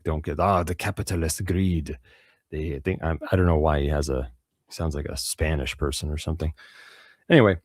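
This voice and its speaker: A man's voice: low voice, darkish tone, no echo, studio quality. A man hosting a radio show, giving loose, profane news commentary full of fillers and restarts.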